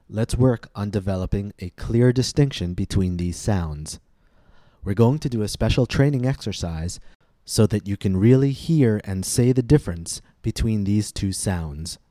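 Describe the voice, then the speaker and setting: A man hosting a pronunciation podcast, reading a scripted lesson slowly and with careful, clear enunciation. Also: fairly low pitch, dark tone, no room sound, studio quality. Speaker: pronunciation teacher and podcast host.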